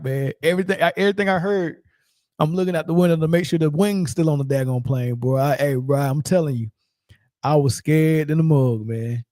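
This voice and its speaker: A man's voice: fairly high pitch, fairly quick, dark tone, dry recording, studio quality. Slangy, rambling sports talk host, man. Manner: loose, rambling, slangy storyteller.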